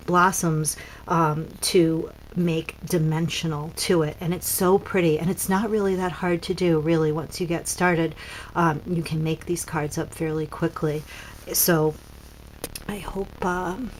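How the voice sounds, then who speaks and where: A woman's voice: fairly low pitch, a little hiss or hum, poor audio. A woman casually demonstrating papercraft cards as a seller, chatty and pointing things out with frequent ums.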